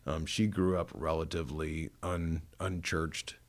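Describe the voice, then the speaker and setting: A man's voice: a bass voice, level tone, unhurried. A middle-aged man from Northern Illinois, a pastor telling his life story in a studio interview, earnest and self-mocking as he tells it. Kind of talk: personal testimony in an interview. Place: recording studio.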